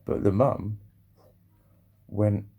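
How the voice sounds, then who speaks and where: A man's voice: on the low side, fairly even intonation, extremely slow, creaky, breathy edge, phone-quality sound. A man rambling and swearing freely through a casual vlog monologue, often breaking off and restarting his sentences. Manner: rambling, sweary, self-interrupting. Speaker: vlogger.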